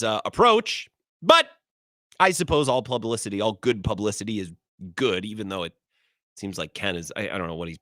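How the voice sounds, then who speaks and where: A man's voice: lowish voice, fairly bright tone, no echo, studio quality. A man hosting a sports radio show, arguing his opinions and often stumbling over and repeating his words. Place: radio studio.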